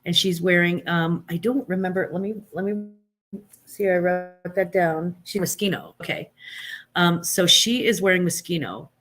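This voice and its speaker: A woman's voice: fairly low pitch, fairly even intonation, normal speed, a bit bright, soft background music. A woman hosting a live stream, giving blunt, sarcastic opinions in casual chat, with many fillers and restarts.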